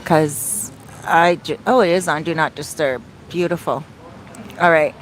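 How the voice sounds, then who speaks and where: A Canadian travel vlogger and soul coach talks into her phone in a low, steady voice at a measured pace. Her chatty vlog story rambles along with lots of laughter and side tangents.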